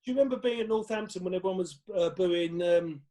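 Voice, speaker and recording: A middle-aged English comedian, a podcast guest, telling lively stories and acting out voices. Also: male voice, high-pitched, fast talker. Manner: lively, acts out voices and laughs mid-story. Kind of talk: animated storytelling.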